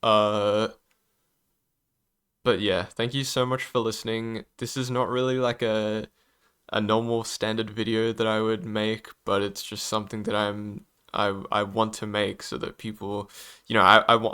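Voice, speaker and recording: A man's voice: fairly low pitch, little pitch movement, normal speed, sharp tone, clean tone. A young man giving an unscripted opinion vlog about a game, hesitant and apologetic, stammering often and using many fillers. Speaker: gaming YouTuber.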